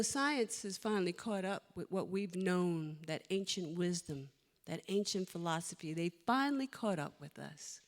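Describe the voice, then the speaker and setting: Slow emotional woman preaching in a hall. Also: fairly low pitch. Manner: slow, emotional, storytelling delivery with soft whispered asides. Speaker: minister. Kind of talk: sermon. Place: church sanctuary. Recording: long hall reverb.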